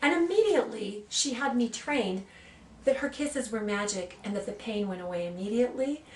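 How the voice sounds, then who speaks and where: A woman in her sixties, an aromatherapy practitioner, who gently demonstrates oils and tells personal stories in a soft, earnest way. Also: medium pitch, slight background noise. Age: 60s. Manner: soft, earnest, reads blessings slowly. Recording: roomy sound from a distant mic, faint ambience.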